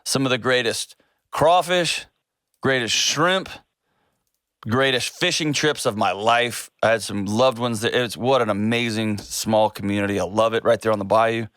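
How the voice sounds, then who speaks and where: A man's voice: mid-range voice, normal speed, no echo, studio quality. Folksy man hosting a call-in show. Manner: folksy storyteller, animated. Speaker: host. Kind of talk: casual call-in advice talk.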